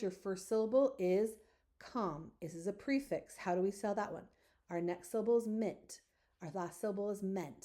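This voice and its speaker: A woman giving a recorded webinar lecture to teachers, patiently modeling classroom talk and stretching out words slowly. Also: mid-range voice, warm tone. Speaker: teacher trainer.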